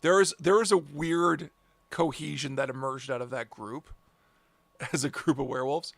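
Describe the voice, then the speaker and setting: Guy on a stream, gravelly and kinda bright, dry mic, laid back. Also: a little high, steady tone, moderate pace, no echo. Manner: laid-back, laughs often, trails off. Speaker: streamer, game master. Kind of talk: casual group chat on a livestream.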